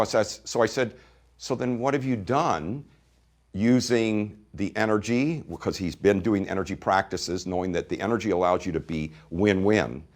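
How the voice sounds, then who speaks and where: A man in a middle-range voice gives a teaching talk on energy practices. His pitch moves a great deal as he shifts between stressed points and soft asides while he tells a story and speaks to his listeners. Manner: storytelling, retells a client conversation and lectures the listeners; lively, swings between emphatic and quiet.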